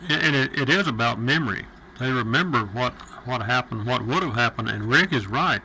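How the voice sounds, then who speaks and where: Gravelly radio host, sharp tone, faint hum behind, folksy and opinionated. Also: male voice, medium pitch, animated, fairly quick, rough recording. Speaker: radio talk show host. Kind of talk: talk radio hosting.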